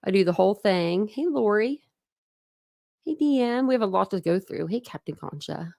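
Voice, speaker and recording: A woman's voice: mid-range voice, animated, normal speed, vocal fry, darkish tone, dry recording, studio quality. A woman hosting a casual livestream from home, chatty and apologetic, greeting viewers by name. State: a little out of breath. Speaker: livestream host. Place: home room with dogs.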